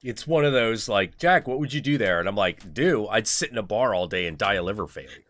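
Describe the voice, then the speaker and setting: A man's voice: on the low side, lively intonation, fairly quick, fairly bright tone, no room sound, clean studio sound. A young man hosting a stream, ranting in casual chat with lots of profanity and mock voices for other people. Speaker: stream host.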